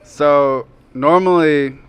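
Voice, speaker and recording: A man's voice: a little high, extremely slow, a bit bright, clear, resonant tone. A man co-hosting a casual podcast, laid-back and dry in his humor. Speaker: podcast co-host.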